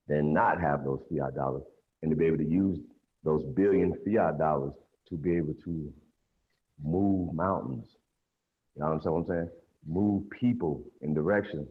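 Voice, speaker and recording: A man speaking earnestly on a panel, often checking that listeners follow him. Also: extremely low pitch. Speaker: panel guest. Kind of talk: casual panel discussion. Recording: dull lo-fi line with faint hiss.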